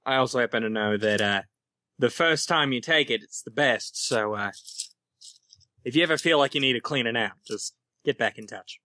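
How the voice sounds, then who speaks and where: A man voicing a wary male pony drug dealer in a tabletop game, speaking low and deadpan. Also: no echo, close to an everyday voice. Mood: deadpan threatening. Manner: low, deadpan, slow warnings.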